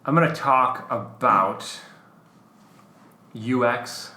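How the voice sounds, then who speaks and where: A man's voice: medium pitch, extremely slow, echoey room, a little hiss or hum. A man co-hosting a podcast in casual chat, rambling with lots of fillers. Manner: relaxed, rambling, filler-heavy. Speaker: podcast co-host.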